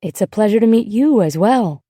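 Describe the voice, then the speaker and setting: A woman voicing a gentle, glamorous young neighbor. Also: medium pitch, animated, normal speed, breathy edge, dry recording, studio quality. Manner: gentle and kindly.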